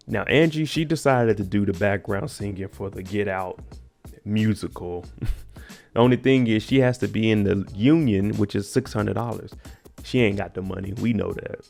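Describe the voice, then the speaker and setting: A man's voice: fairly low pitch, moderate pace, gravelly, a little mellow, soft background music. A man casually recapping a TV episode, with laid-back, joking slang. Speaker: TV recap host.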